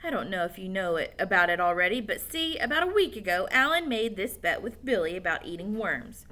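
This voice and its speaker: An argumentative boy laying out his case insistently, with a bright, lively voice that climbs and dips, as a woman voices him in a storybook. He presses each point home. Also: medium pitch, brisk. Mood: earnest. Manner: insistent, lecturing. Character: argumentative boy, quick to reason.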